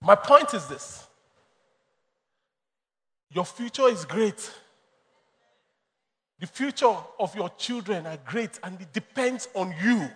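A pastor preaching with emphatic, story-driven delivery. His voice sits high for a man. A long reverb from the big hall trails his words. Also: lively intonation, slow pace, pauses often, a bit bright. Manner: emphatic, storytelling, laughs often. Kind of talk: sermon.

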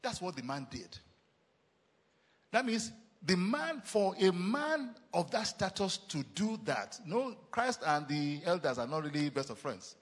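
A Nigerian man preaching a sermon as pastor, emphatic and repetitive, with quick chuckles. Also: high voice, sing-song, slightly rough, long reverb tail.

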